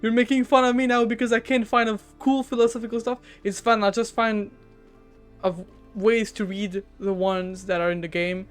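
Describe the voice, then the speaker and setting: A woman's voice: fairly high pitch, fairly even intonation, normal speed, soft background music. A woman streamer with a French accent, chatting casually while gaming, teasing herself, stammering and giggling.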